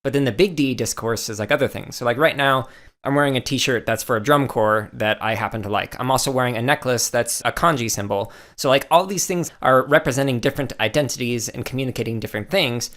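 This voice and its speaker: A man hosting a podcast interview, talking in a relaxed way and often saying "like". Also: mid-range voice, quick pace. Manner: relaxed, lots of "like" fillers. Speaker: podcast host. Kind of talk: casual interview chat.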